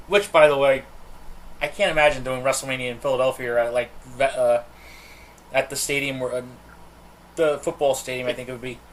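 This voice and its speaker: A man's voice: a little high, a bit bright. A man co-hosting a casual wrestling podcast, rambling through details and tangents. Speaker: podcast co-host.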